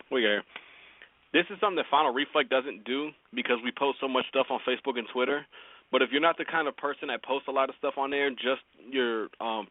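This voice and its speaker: A man's voice: medium pitch, no room sound, phone-quality sound. A man hosting a casual talk show, giving joking, rambling advice on promoting music, often laughing. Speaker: podcast host.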